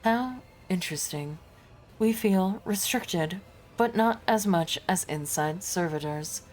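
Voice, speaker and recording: A woman voicing a solemn machine spirit that speaks as a plural being, in a slow, measured delivery. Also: medium pitch, animated.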